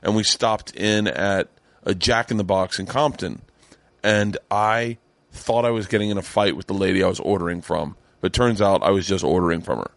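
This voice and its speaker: A man's voice: deep voice, moderate pace, vocal fry, no room sound. A man hosting a podcast in casual chat, earnest and rambling with many restarts. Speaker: podcast host. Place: home studio.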